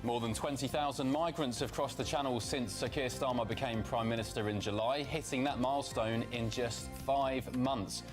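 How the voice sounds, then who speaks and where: A man presenting the news, relaxed and jokey between stories. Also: medium pitch, normal speed, hardly any pauses, over music. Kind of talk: news reading and studio banter.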